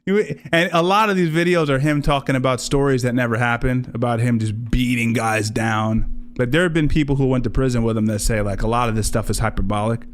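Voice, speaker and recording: Reacting to clips on his livestream, this man rambles casually, swears, and frequently corrects himself. He speaks briskly in a mid-range voice.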